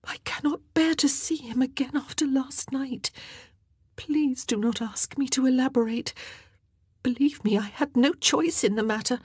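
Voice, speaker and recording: A woman voicing a young noblewoman lady-in-waiting, pleading and tearful, in a high, breathless voice for an audiobook. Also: normal speed, a little mellow, husky, no echo, clean studio sound.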